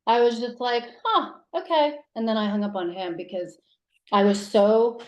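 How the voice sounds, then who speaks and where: A woman in her thirties, a guest telling personal stories in casual conversation, acting out quotes with big jumps in pitch. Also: steady tone, moderate pace, darkish tone, muffled recording. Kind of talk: casual interview storytelling. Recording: roomy echo.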